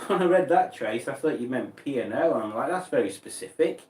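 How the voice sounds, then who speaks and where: Lively in intonation and a little fast, a medium-pitched, darkish voice belongs to a streamer reading out chat messages with exaggerated outrage. It's recorded far from the mic in an echoey room.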